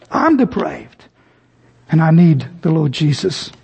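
A man's voice: on the high side, very animated, slow, vocal fry, darkish tone, slightly rough, muffled recording. A man preaching a sermon, telling stories and acting out the voices in them. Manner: storytelling, acts out voices in anecdotes. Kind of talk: sermon with illustrations.

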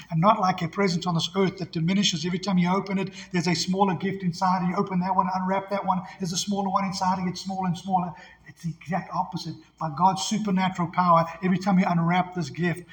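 A pastor preaches in a high, ringing voice. He leans hard on key phrases and prompts his congregation to answer back. Long reverb from the church sanctuary hangs behind every line. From South Africa. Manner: call-and-response, emphatic, laughs easily. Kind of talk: sermon.

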